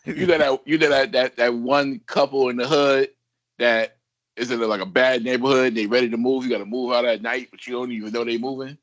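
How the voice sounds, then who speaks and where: A man's voice: mid-range voice, steady tone, fairly quick, a bit bright, highs cut off. A man co-hosting a wrestling podcast, talking in casual, slangy, joking banter. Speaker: podcast co-host.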